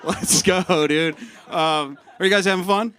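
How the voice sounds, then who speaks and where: A man's voice: high-pitched, steady tone, measured pace, pushed and bright, slight background noise. Rambling man hosting a comedy show. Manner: rambling, self-deprecating, full of fillers. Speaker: show host. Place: live comedy show on stage.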